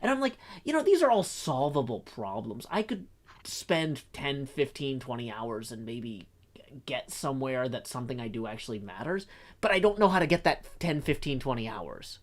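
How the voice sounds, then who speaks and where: A middle-aged man talking casually on a livestream, his voice at an ordinary middle pitch. He rambles, stops and restarts his sentences, and leans on filler words as he thinks aloud. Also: very animated, normal speed. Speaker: streamer and host. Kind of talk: casual chat.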